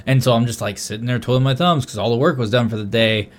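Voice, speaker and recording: A young man casually telling a long story on a podcast, swearing often and getting loud when he quotes himself. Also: mid-range voice, fast. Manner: animated, swears a lot, loud bursts when quoting himself. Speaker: podcast co-host.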